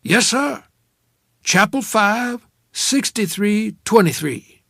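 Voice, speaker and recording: A courteous female maid answering the phone, her voice pitched high and her manner formal and polite, as a man narrator puts her on. She speaks in a clipped, dry storybook delivery. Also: lively intonation, slow, gravelly, fairly bright tone, no echo, heavily acted.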